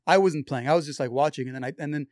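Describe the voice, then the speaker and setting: Male storyteller, quick and rowdy, slightly high voice, dry close sound. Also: dry recording. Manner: fast, animated, swears often. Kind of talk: casual storytelling among friends.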